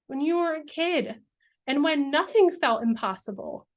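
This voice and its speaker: Woman, dreamy, earnest, rambling, a bit high-pitched, emotional vlog pitch. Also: expressive, normal speed. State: near tears at times. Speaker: entrepreneur presenting her brand vision.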